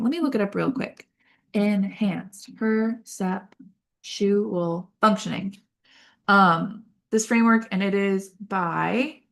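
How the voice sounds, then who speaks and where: Young woman, podcast host explaining therapy, chatty with lots of fillers, vocal fry. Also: on the low side. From Baltimore. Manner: chatty, many fillers and tangents. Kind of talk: casual educational talk.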